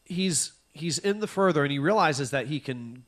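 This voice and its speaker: A man's voice: a little high, animated, normal speed. A man co-hosting a comedy podcast, ranting animatedly and profanely, often acting out his own exasperated reactions. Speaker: podcast co-host. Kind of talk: casual comedic chat.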